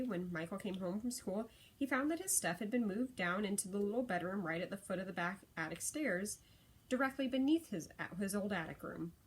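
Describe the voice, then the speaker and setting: A woman narrating a story in a gentle storytelling manner. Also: medium pitch, a little hiss or hum, rough recording. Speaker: audiobook narrator.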